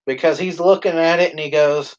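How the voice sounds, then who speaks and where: A man co-hosting a live stream, telling a profane, animated story in casual chat. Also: on the high side, brisk, muffled recording.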